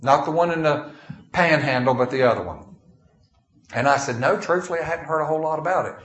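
A man preaches in an echoey church, his voice sitting a little higher than most men's. He tells homespun stories between readings of King James scripture. The room's reverb hangs behind every line. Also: expressive, a little fast, fairly bright tone. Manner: folksy storytelling, reads scripture in King James wording. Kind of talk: sermon. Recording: echoey room.

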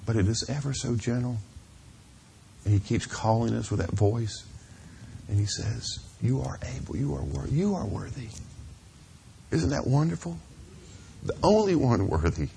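Man, middle-aged, pastor preaching, very low voice, earnest and confessional, hushed at times, faint background hum. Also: creaky. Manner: earnest, confessional, calls out "Amen?" to the congregation. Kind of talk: sermon. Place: church.

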